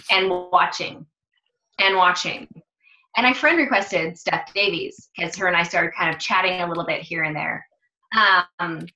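Woman fitness coach, casual storyteller, animated, sharp tone, echoey room. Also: fairly low pitch, slight background noise. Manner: chatty, animated, acts out quoted dialogue.

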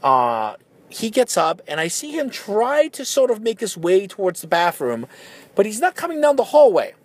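A man's voice: high voice, moderate pace. Rambling man telling a story. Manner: rambling, many fillers and restarts, animated when excited. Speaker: podcast host. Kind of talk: casual storytelling monologue.

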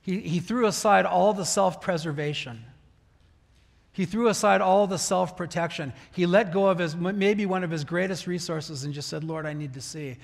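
A man's voice: high voice, normal speed, gravelly. A man preaching a conversational sermon as pastor, often stopping to restart a phrase and acting out heartfelt prayers. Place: church sanctuary. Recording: long church hall reverb.

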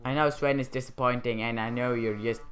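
A man's voice: medium pitch, steady tone, brisk, fairly bright tone, a little hiss or hum. A man hosting a gaming channel, giving playful, rambling commentary and joking back at the game's characters. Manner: rambling, joking, talking to the game.

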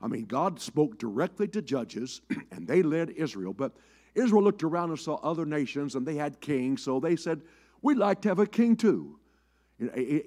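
An older man preaching a sermon in a church, telling folksy farm stories and often repeating his words as he starts a sentence. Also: on the high side. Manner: folksy storytelling, repeats words, lively rises and drops. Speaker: bishop preaching. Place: church sanctuary.

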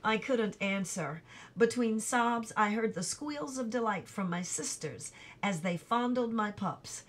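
A woman reading a chapter of a novel aloud in an even, unhurried storytelling manner. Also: a little high. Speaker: audiobook reader.

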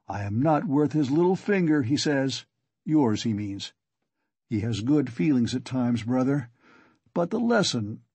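A man reading the part of a drunk, talkative young man who rambles eagerly, in a husky voice. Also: a little high, darkish tone, no room sound, pitched above the performer's own voice, heavily acted. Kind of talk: audiobook character reading.

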